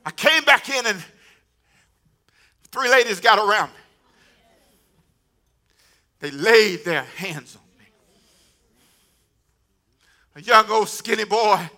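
High, sharp-voiced male preacher. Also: slow, pauses often. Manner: animated, repetitive, acts out dialogue. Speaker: pastor. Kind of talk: sermon storytelling.

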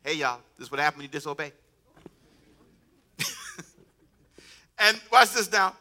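In an unhurried, slightly high voice, a man preaches as pastor, his sermon lively and funny as he jokes with the congregation and laughs.

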